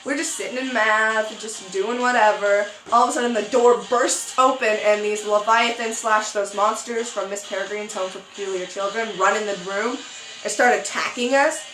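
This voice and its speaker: A young woman vlogger telling a story in a casual chat, animated and acting out quotes. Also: moderate pace, roomy sound, faint music behind, rough recording. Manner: animated, acts out quotes with sudden high squeals.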